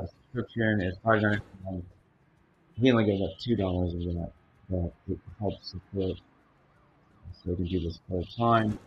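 Gravelly man hosting a livestream. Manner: chatty, greets viewers repeatedly, sings high hellos. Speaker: livestream host. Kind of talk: casual livestream chat. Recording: dull lo-fi sound with faint noise.

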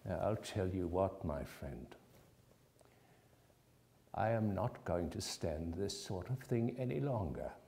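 A theatrical old miser turned generous, put on by a man. He swoops through a wide pitch range and lingers over his words. His warmth is big and stagey. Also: animated, slow, long pauses, full character voice. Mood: mock gruff. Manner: theatrical, feigns gruffness at times. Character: elderly reformed miser, gleefully warm old man.

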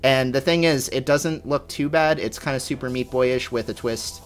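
A man's voice: medium pitch, moderate pace, soft background music. A man co-hosting a casual podcast, reading out game descriptions for a guessing game, laughing often and rambling a little.

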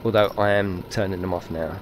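A man giving excitable, chatty live commentary while streaming a game and talking to his viewers. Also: low voice, a little fast, slight background noise.

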